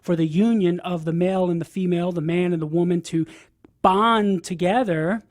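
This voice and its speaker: A man's voice: high-pitched, fairly even intonation, moderate pace, no room sound, studio quality. A man with a Cajun accent, a radio guest explaining ideas step by step, often checking in with "right?". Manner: teaching, sprinkles "right?" to check in. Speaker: guest apologist.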